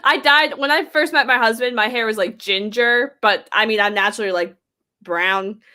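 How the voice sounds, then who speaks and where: A woman's voice: fairly high pitch, moderate pace, sharp tone. A woman co-hosting a podcast in casual chat, upbeat and chatty, sprinkling "like" through her sentences. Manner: chatty and upbeat, with many "like" fillers. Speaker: podcast co-host.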